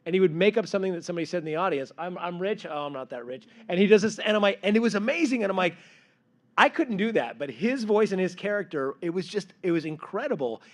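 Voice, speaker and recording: A man's voice: high voice, fast talker. A male comedian on a convention panel, telling stories and acting out quoted lines. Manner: animated storyteller, acts out quoted lines. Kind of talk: panel discussion.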